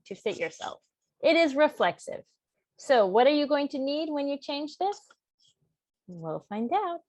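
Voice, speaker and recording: A woman's voice: fairly high pitch, no room sound. A woman teaching a Spanish grammar lesson step by step, patiently mixing English and Spanish and checking in with her students. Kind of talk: classroom lesson, explaining step by step.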